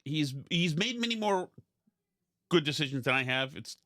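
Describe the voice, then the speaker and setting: A man's voice: a little high, animated, moderate pace, bright, forceful tone, no room sound, studio quality. Rambling self-deprecating man. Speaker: podcast host. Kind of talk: casual comedic chat.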